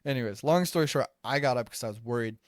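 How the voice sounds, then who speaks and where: A man's voice: mid-range voice, fast, no echo, studio quality. A young American man casually telling stories on a podcast, chatty and full of "like.". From United States. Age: young adult. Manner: chatty, filler-heavy, says "like" often. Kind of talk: casual storytelling. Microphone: close podcast microphone.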